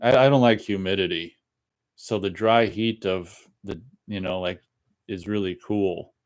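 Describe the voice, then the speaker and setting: A man's voice: low-pitched, measured pace. A man from Minnesota hosting a casual live show, reading viewer comments aloud and chatting back about them. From Minnesota, USA. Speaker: radio show host reading chat. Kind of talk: casual live-stream chat.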